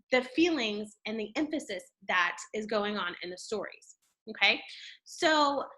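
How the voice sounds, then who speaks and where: A woman teaching a classroom reading lesson. She explains step by step, checks in often with the class, and uses an expressive tone to show how to read. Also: fairly high pitch. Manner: explanatory, checks in with "okay?" and "right?"; expressive, shifts tone to model reading.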